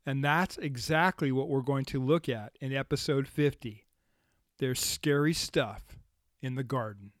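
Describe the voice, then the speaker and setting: A man's voice: medium pitch, unhurried, no room sound, studio quality. A man hosting a gardening podcast, delivering scripted commentary in a sardonic, indignant tone. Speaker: podcast host.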